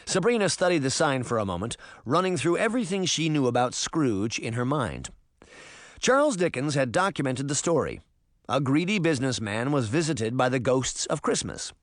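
A man narrating a story as an audiobook, with expressive storytelling. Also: mid-range voice, normal speed, no echo, clean studio sound.

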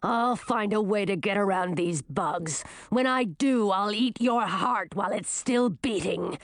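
A snarling male werewolf from a storybook spits out menacing threats, as a woman narrator puts him on. His voice takes on a rough, altered tone unlike the reader's plain telling. The recording is dry and close. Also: medium pitch, a little slow, no echo, natural voice. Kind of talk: audiobook character voice.

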